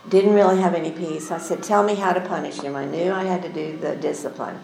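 An older woman teaching a women's Bible study, telling a family story in an earnest, chatty way with soft asides. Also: fairly low pitch, fairly even intonation, a little fast, creaky, reverberant, poor audio.

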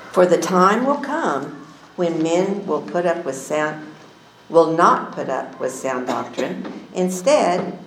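An older woman with a low, gravelly voice leads a Bible lesson for a group of women. She tells her stories in an earnest, chatty way and drops into soft asides. The sound is roomy and echoey. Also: a little hiss or hum. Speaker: women's Bible study teacher.

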